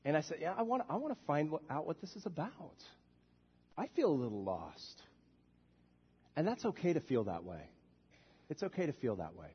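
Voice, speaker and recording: A man preaching a sermon as a minister, swinging from soft, quiet passages to loud shouted bursts. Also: on the high side, sing-song, normal speed, long pauses, breathy edge, long reverb tail, dull audio. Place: church sanctuary.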